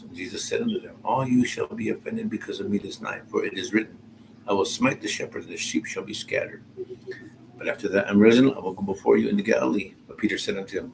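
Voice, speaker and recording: A man's voice: on the low side, gravelly, slight background noise, low-quality recording. A man reading a Bible passage aloud, stopping often to add informal comments of his own. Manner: reads slowly and pauses to comment, informal asides. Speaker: Bible teacher.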